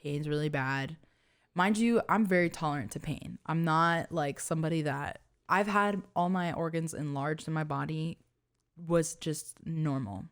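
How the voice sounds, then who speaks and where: A woman's voice: a little slow, smooth. A young woman co-hosting a podcast, telling a personal story in casual chat with lots of fillers and an earnest tone. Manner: earnest, many fillers, soft low-voiced reliving of fear. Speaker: podcast co-host.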